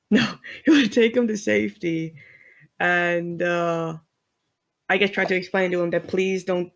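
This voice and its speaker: A tabletop game player thinks aloud, hedging and giggling between questions to the game master. The voice is ordinary and mid-pitched. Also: fairly even intonation, unhurried, creaky. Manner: giggly, hesitant. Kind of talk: casual tabletop play.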